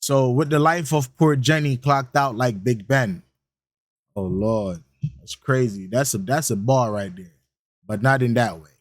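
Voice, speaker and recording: A man's voice: medium pitch, measured pace, dry recording. Slangy rambling man reacting, dry sound. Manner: rambling, repeats lines back and muses on them; slangy, many fillers and restarts. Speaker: reaction channel host. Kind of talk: casual reaction commentary.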